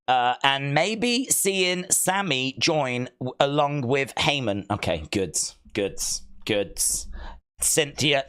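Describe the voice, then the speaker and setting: A man's voice: fairly high pitch, a bit bright, smooth. A man hosting a live stream, chatting casually, reading viewer comments aloud and playfully mock-scolding viewers he calls kids.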